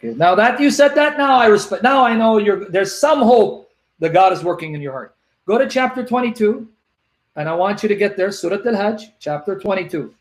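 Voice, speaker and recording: A man debating religion, reading verses aloud slowly and repeating references with emphasis. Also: high-pitched, expressive. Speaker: Christian apologist.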